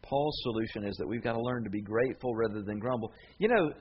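A man's voice: medium pitch, quick pace, lo-fi sound, a little hiss or hum. A middle-aged male pastor preaching a sermon in a conversational way, often asking the audience questions. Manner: conversational, repeats words, asks the audience questions.

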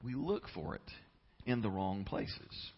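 A man's voice: fairly low pitch, lively intonation, takes it slowly, gravelly, dull audio. A man preaching a sermon as pastor, telling a story and building to passionate emphasis.

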